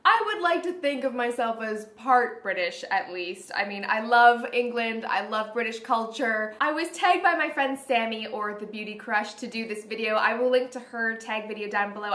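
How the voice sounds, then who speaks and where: A woman's voice: a little high, a bit bright. A Canadian woman vlogging, chatting upbeat to camera and thinking aloud as she answers questions. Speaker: beauty vlogger. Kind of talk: casual chat to camera. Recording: echoey room.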